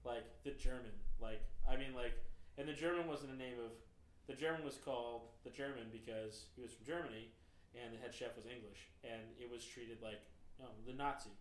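A man who works as a chef, telling a long story in casual chat with a rambling, profane and animated way of talking. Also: mid-range voice, brisk. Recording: echoey room with faint noise.

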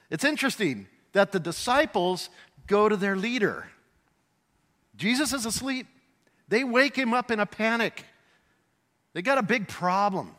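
A man preaching a sermon, animated, acting out voices and shouting for emphasis. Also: high voice, measured pace, pauses often. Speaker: pastor. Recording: long hall reverb.

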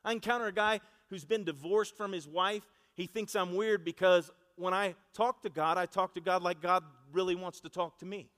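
A man's voice: high-pitched, steady tone, moderate pace, few pauses, a bit bright. A man preaching a sermon in a conversational, storytelling way, asking the congregation to repeat after him. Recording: long reverb of a large hall.

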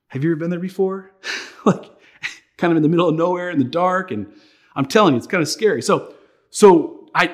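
A male pastor preaching a sermon, telling a personal story in an animated way, often repeating words as he goes. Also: high voice.

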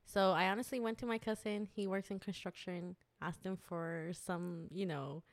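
Lady with a lowish voice just chatting, laughs a ton, rambles along. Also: fairly even intonation, moderate pace. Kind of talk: casual chat.

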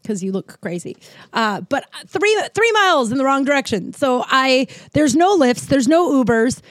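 A woman's voice: sits high, big pitch swings, moderate pace, no room sound. A woman in her thirties telling a rambling personal story to her viewers, full of "like"s and casual swearing. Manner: rambling, swears freely, many "like"s. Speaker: vlogger.

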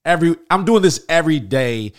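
A former radio host in his thirties tells stories in casual conversation, animated and full of fillers and restarts. His voice is a little high and fairly quick.

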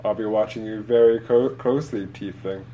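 A man's voice: fairly low pitch, normal speed, dark tone, slight background noise. A man playing a tabletop game in character, speaking bluntly and guardedly. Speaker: player.

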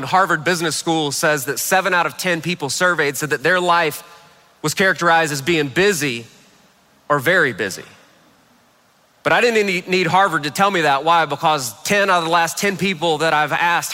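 A man preaching a sermon, telling a funny family story with lively comic timing. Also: a little high, moderate pace, long reverb tail. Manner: humorous, animated storyteller. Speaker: pastor.

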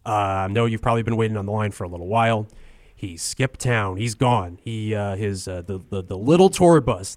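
A man's voice: mid-range voice, no room sound. A man hosting a comedy call-in radio show who stammers, grumbles and talks openly angry.

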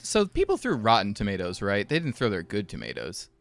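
A man's voice: lowish voice, wildly swooping pitch, a little fast, gravelly. A man co-hosting a casual podcast chat, wry and playful, reading passages aloud and laughing often. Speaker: podcast co-host.

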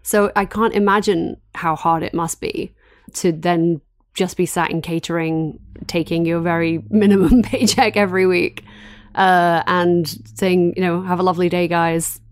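A woman co-hosting a podcast in casual chat, talking in an animated way and laughing between points. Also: lowish voice, a little slow, no room sound, studio quality. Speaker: podcast co-host.

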